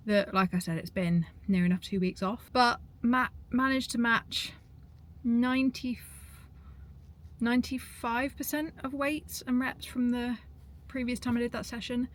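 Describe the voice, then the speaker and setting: A young woman, a fitness coach, chatting casually and upbeat to her phone camera at the gym and at home. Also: a little high. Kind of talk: casual vlog chat.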